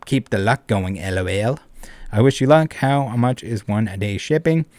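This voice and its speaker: A man's voice: on the low side, normal speed, darkish tone, no echo, natural voice. Guy doing a smug scammer dude, fake french cowboy drawl, dry sound.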